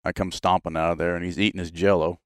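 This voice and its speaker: A man's voice: low voice, quick pace, clear, resonant tone, dry recording, clean studio sound. A man telling hunting stories on a podcast in a casual, laughing way, often quoting others. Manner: laughing, animated storyteller doing quoted voices. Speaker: podcast guest. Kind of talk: casual storytelling.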